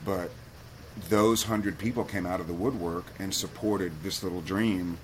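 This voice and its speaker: Deep-voiced man telling a story. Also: fairly even intonation, a little slow, a little hiss or hum. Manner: candid, gets choked up telling a personal story. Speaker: podcast guest. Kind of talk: casual storytelling.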